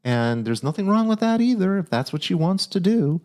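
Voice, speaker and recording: A man's voice: sits high, sing-song, a little fast, a little mellow. A middle-aged man hosting a casual podcast, giving earnest dad advice and often repeating his phrases.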